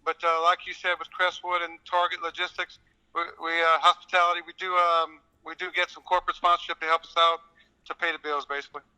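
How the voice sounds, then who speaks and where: Southern guy from louisiana, high bright voice, polite yes-sir answers on a radio show. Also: little pitch movement, fast talker, clear, resonant tone, low-quality recording. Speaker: guest. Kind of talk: radio interview.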